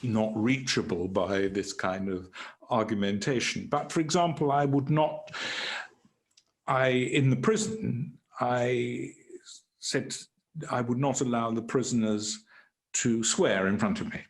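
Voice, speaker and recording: British male guest, former prison doctor, middle-range voice, measured anecdotal delivery. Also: medium pitch. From Britain. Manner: measured, wry storyteller. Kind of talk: anecdotal conversation.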